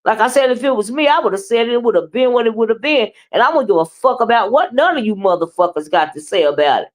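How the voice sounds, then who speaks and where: A woman with a somewhat high voice and a drawl, commenting on a livestream. She talks bluntly and profanely, animated and trash-talking, while chatting with her viewers. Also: quick pace. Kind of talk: live commentary and chat with viewers.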